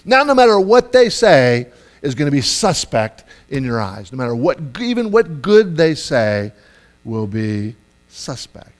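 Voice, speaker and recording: A man preaches a sermon with an animated, conversational delivery, his slightly high voice jumping up in loud bursts whenever he acts out a quote. A low mains hum runs steadily beneath the recording. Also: unhurried. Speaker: pastor.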